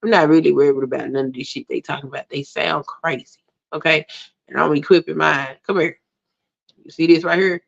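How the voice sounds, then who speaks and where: A woman's voice: deep voice, steady tone, brisk, vocal fry. A woman hosting a livestream, ranting bluntly to her chat and swearing freely, with indignant peaks. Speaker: livestream host. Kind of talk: casual ranting monologue to a live chat. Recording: dull lo-fi stream audio.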